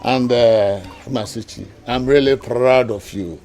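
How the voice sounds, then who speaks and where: An actor with a Nigerian accent playing a pleased middle-aged uncle blessing a suitor. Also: male voice, mid-range voice, slow, a little mellow. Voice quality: expansive, approving. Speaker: uncle of the bride.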